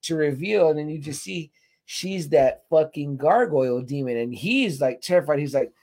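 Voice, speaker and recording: A man in his forties, a podcast co-host, retells a horror film during casual chat, swearing a lot and using many fillers. His voice is a little high, and he speaks at a normal speed as an animated, profane storyteller.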